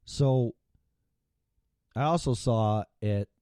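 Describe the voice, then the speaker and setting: A man's voice: mid-range voice, very slow, warm tone, clean tone, dry recording, studio quality. A middle-aged American man hosting a show, ranting with profanity and heavy sarcasm. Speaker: show host. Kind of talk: solo political rant.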